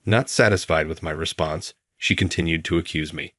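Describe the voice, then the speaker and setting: Deep-voiced calm male story narrator. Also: moderate pace, few pauses, no echo, studio quality. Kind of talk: scripted first-person story narration.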